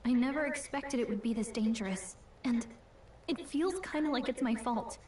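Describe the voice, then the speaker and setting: A woman's voice: a little high, moderate pace, a little mellow, close to an everyday voice. An actress playing a friendly, teasing young female companion and guide in a game. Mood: concerned. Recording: roomy distant game audio with faint ambience.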